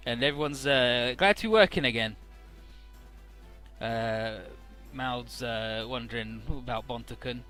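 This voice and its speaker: A man's voice: mid-range voice, unhurried, bright, forceful tone, faint music behind. A man giving casual, profane commentary on a game, paraphrasing the characters in goofy voices. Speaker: let's play commentator.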